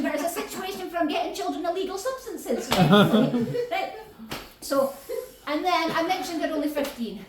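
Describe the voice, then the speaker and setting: A woman's voice: sits high, animated, measured pace, over a noisy crowd. A middle-aged woman with a Scottish accent telling a story in off-the-cuff stand-up, brash and full of swearing, acting out the other people. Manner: swears a lot, broad and brash, acts out quotes. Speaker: stand-up comedian. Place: comedy club stage. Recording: roomy live venue, mic from a distance. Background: audience laughing.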